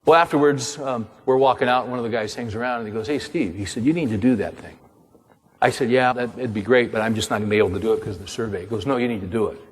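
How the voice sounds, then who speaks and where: An older man delivers a sermon as an animated storyteller, slipping into the voices of the people in his story. His voice sits at a middle pitch and carries a long hall reverb. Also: fast talker, breathy edge. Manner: animated storyteller acting out dialogue. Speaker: pastor and author.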